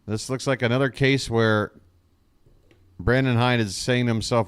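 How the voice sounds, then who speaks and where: Exasperated fan calling a baseball game. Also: male voice, medium pitch, fairly even intonation, normal speed, long pauses, smooth. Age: adult. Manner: exasperated, sarcastic, jokey asides. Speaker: fan play-by-play host. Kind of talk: live fan play-by-play commentary.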